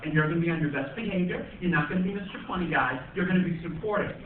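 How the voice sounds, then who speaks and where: A man's voice: a little high, rapid-fire, phone-quality sound, voice pushed down, lightly acted. A man voicing a bossy young wife who lectures her husband firmly, in a distant, echoey phone recording with an audience. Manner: firm, lecturing, patronizing. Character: bossy, earnest young wife laying down rules.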